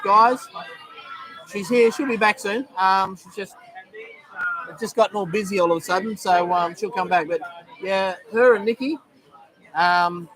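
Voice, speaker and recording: A middle-aged Australian man with a high, fairly bright voice hosts a casual live stream from a busy bar in Thailand. He chats loosely with plenty of ums, reads comments, and greets viewers by name while bar crowd noise fills the background.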